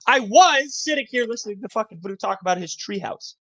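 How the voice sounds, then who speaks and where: A young man in his twenties, co-hosting a casual podcast, rambling through profane childhood stories with animated yelps and laughter. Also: high voice, fast, no room sound. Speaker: podcast co-host. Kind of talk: casual chat, storytelling.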